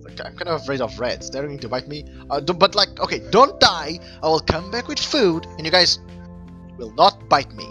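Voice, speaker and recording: A man commenting on a game he plays, excitable, laughing often and breaking into squeals and shouts. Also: a little high, normal speed, soft background music. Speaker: let's play host. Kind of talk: casual gameplay commentary.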